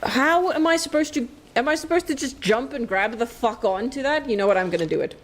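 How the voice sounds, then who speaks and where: A woman's voice: fairly high pitch, animated, a little fast. A woman streaming a game, chatting away casually, playful, laughing often and swearing freely. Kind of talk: casual live-stream chat while playing.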